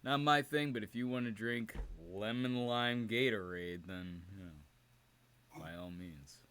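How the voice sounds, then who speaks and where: A man's voice: fairly low pitch, a little slow, fairly bright tone, clean tone. A man co-hosting a podcast in loose, profane casual chat, laughing often between jokes. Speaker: podcast co-host; teacher.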